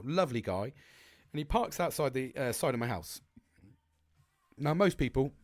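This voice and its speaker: Guy, young, casual podcast host, rambling and sweary, a little high, dry close sound. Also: no echo. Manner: rambling, sweary, frequent restarts. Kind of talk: casual monologue.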